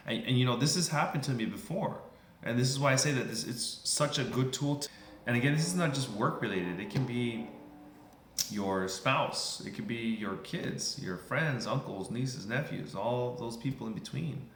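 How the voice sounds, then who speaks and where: A man's voice: medium pitch, lively intonation, normal speed, a bit bright, a little hiss or hum. A man giving a casual, earnest motivational talk in a conversational way, often circling back with the same phrases. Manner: conversational, earnest, repeats "you know what". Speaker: motivational speaker. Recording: roomy echo.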